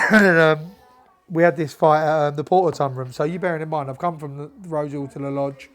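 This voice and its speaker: A man, a former boxer chatting as a podcast guest, telling lively anecdotes, acting out what others said and swearing casually. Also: fairly high pitch, a little fast. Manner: animated anecdotes, acts out quoted dialogue, swears freely. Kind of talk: casual storytelling chat.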